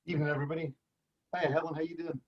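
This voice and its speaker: A man's voice: a little high, level tone, very fast, muffled recording, noisy background. A male author acting as guest interviewer, praising the book in a rambling lead-in before asking his question over a video call.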